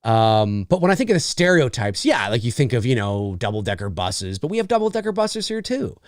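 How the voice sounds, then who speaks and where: A man hosting a casual live stream, chatting in an animated way with many fillers and mock voices. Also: medium pitch, brisk, no room sound, studio quality. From Canada. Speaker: live show host answering questions.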